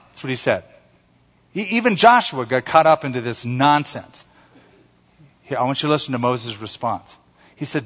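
A man's voice: a little high, moderate pace. A man preaching a sermon as pastor, acting out quoted voices and leading the congregation in repeating lines. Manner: animated preaching, acts out quotes and calls for congregation response. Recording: dull sound with long hall reverb.

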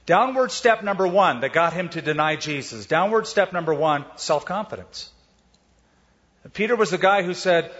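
A man's voice: high voice, lively intonation, normal speed, fairly bright tone. A man preaching a Bible sermon in a conversational way, with casual asides and rhetorical questions. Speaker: pastor. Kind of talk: expository sermon. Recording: dull sound with long hall reverb.

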